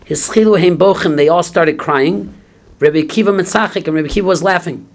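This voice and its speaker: A man gives a Talmud class. His voice sits a little high, and he works through the text phrase by phrase, first reading the original, then translating and explaining it. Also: quick pace. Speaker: Talmud teacher.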